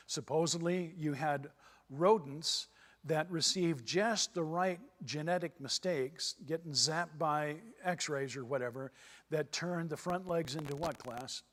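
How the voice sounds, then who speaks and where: A man from Texas giving a church seminar lecture in a folksy way, repeating his points for emphasis. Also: fairly high pitch. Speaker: seminar speaker. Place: church hall. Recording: long hall reverb.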